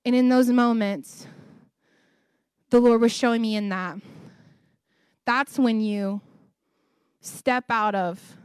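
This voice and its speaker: A woman's voice: fairly high pitch, fairly even intonation, slow pace, pauses often, a little mellow, clear, resonant tone, no echo, clean studio sound. A woman sharing a personal faith testimony in an emotional, earnest way, often repeating phrases for emphasis. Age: adult, married ten years.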